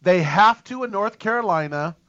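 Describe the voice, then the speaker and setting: A man hosting a talk radio show, rambling and excitable with many fillers. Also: high voice, normal speed, lo-fi sound.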